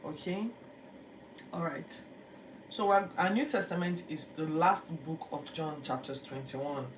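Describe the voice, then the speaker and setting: A Bible teacher, retelling scripture in a lively, chatty way with acted-out quotes. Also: mid-range voice, measured pace. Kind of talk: casual Bible-reading commentary. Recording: echoey room, distant mic, background noise.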